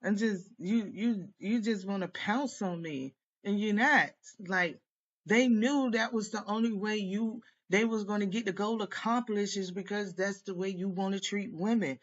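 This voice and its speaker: Woman tarot reader, mid-pitched, ranting hot and profane to camera, dull lo-fi sound. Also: moderate pace. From United States. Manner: heated, profane, rambling rant. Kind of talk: venting monologue to camera.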